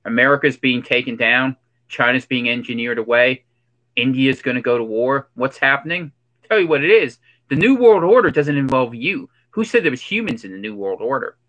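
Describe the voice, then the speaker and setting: In a comedic monologue, a man plays a preachy conspiracy theorist in a hoodie and sunglasses, firing off ominous rhetorical questions in an affected accent. His voice is medium-pitched, animated and a bit bright, lightly acted at a moderate pace. The audio quality is poor.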